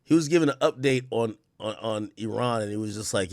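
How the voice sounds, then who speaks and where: A man's voice: fairly low pitch, a little fast, hardly any pauses, no room sound. A man in his thirties giving blunt, profane commentary as he reacts to news clips, laughing often.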